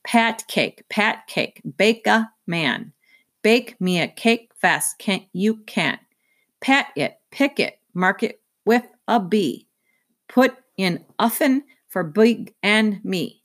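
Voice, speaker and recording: A woman voicing a bossy little toddler girl in a read-aloud, with high, sing-song baby talk. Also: very animated, slow.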